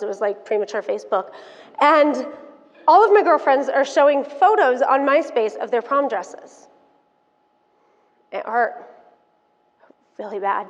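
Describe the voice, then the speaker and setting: A woman in her thirties giving a motivational keynote talk, telling her story in an animated, frank and playful way to the audience. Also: fairly high pitch. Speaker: keynote speaker. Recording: dull sound, long hall reverb.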